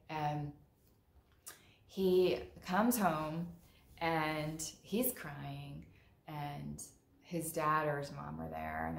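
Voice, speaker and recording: A woman's voice: low-pitched, reverberant. A woman mental health therapist explaining in a conversational way, acting out parents and children in quoted lines. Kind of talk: explaining with acted examples.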